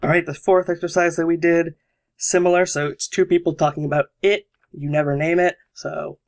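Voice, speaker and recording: A man with a slightly high, gravelly voice talks casually as a podcast host. He lays out each exercise step by step and gives examples as he goes. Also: fairly even intonation, a little fast. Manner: explanatory, walks through steps with examples. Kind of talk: casual explanation of improv exercises.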